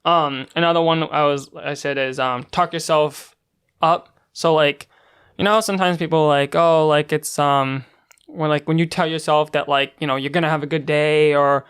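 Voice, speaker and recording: A man's voice: fairly high pitch, steady tone, normal speed, fairly bright tone, clean tone. A young man co-hosting a podcast, rambling in casual chat with lots of filler words. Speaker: podcast co-host.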